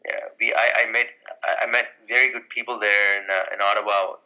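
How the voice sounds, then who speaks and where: Low, bright-toned man chatting casually. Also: brisk, low-quality recording. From Canada. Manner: relaxed, chatty, with frequent fillers. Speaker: interview guest. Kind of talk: casual conversation.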